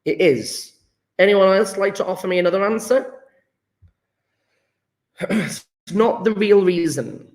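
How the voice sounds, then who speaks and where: A man teaching a live chemistry lesson, speaking slowly with a slightly raised pitch. He restarts and repeats phrases as he works through ideas. The sound is roomy and echoey. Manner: thinks aloud with restarts, drawn-out repetitions.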